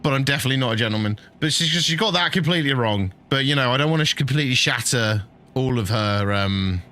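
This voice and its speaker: A man's voice: mid-range voice, lively intonation, fast, pushed and bright. A middle-aged man chatting casually and jokily while streaming a truck-driving game, laughing often and bantering with his chat.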